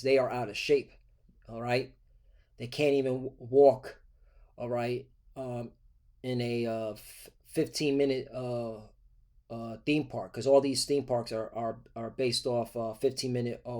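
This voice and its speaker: A man's voice: medium pitch, a little mellow. Man preaching a casual lesson. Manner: conversational, peppered with "all right" and "okay" tags; halting, repeated fillers and restarts. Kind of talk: informal sermon lesson.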